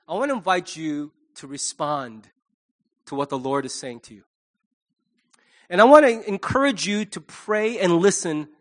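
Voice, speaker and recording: A middle-aged male pastor delivering a sermon in a fairly high voice. He is animated and lively, slipping into quick voices for the people he quotes.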